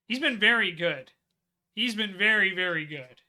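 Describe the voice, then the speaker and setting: A man's voice: high voice, animated, moderate pace, pushed and bright. A man who is a Twitch streamer, chatting casually and bluntly while he plays a game. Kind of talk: casual gameplay commentary.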